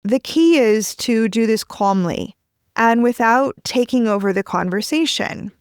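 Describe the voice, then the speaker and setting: Podcast host, woman, gentle and measured advice delivery, dry close studio sound. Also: on the high side, animated, smooth, dry recording. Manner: gentle, measured, acts out example phrases. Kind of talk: calm advice monologue.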